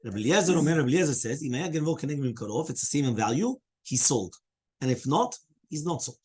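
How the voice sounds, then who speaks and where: Husky-voiced rabbi teaching a Talmud class. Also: male voice, on the high side, very animated, fast talker, darkish tone. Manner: explains step by step, often checks in with "right?"; fields questions and interruptions from students.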